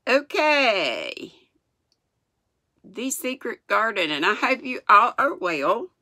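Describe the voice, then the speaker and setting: A woman's voice: fairly high pitch, big pitch swings, slow, sharp tone, no echo, clean studio sound. An older woman with a Southern US accent, from North Carolina, chatting folksily and laughing as she reads a storybook aloud to her viewers. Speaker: channel host reading aloud. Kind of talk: casual storybook read-aloud.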